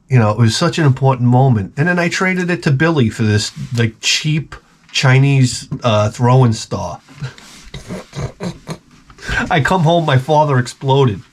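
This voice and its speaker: A man vlogging as he opens fan packages, talking in a rambling, excitable way and swearing freely. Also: medium pitch. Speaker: vlogger opening fan mail. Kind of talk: casual unboxing chat. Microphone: camera mic.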